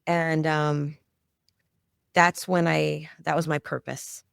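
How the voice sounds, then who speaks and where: A woman's voice: low voice, little pitch movement, slow, creaky, clear, resonant tone, no echo, studio quality. A middle-aged woman, a guest on a podcast, telling a family story in a heartfelt, emotional way. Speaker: guest, founder of a children's music project. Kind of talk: conversational storytelling interview.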